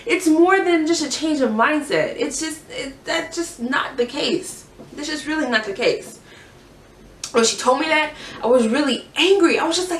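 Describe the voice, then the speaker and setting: A young woman telling her own story in a halting, earnest way, restarting her sentences often. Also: high-pitched. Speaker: vlogger sharing a personal story. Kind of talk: candid personal testimony. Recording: echoey room, mic at a distance.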